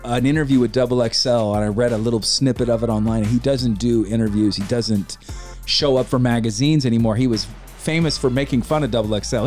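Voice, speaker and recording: A man hosting a podcast, chatting casually and excitedly, rambling and swearing freely. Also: medium pitch, brisk, soft background music. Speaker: podcast host. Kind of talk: casual chat about hip hop.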